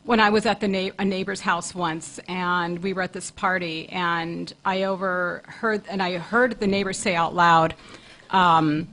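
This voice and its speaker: A woman's voice: on the low side, fairly even intonation, unhurried, fairly bright tone, a little hiss or hum, rough recording. A woman co-hosting a talk show who earnestly recounts a vivid personal experience, often restarting her phrases. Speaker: co-host, paranormal investigator.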